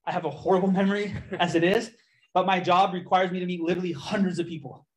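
Young man, high voice, church testimony, lively storytelling with quoted dialogue. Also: quick pace. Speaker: speaker giving a testimony. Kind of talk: testimony sermon.

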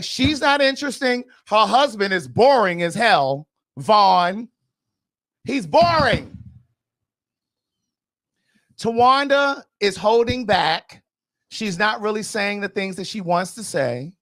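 A man's voice: high voice, a bit bright. A man hosting a podcast, giving blunt, sassy, gossipy commentary in a casual chat. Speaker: podcast host.

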